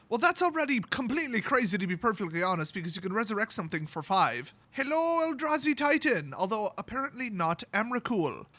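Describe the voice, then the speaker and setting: A man's voice: high-pitched, sharp tone, no echo. Man in a put-on Irish accent. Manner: joking, exaggerated mock accent. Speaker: channel host. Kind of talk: card spoiler review.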